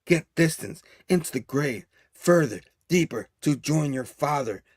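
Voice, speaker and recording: A man voicing a grim, menacing male hunter villain in a slow, hushed dramatic reading. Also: a little high, animated, no room sound, clean studio sound. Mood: brooding.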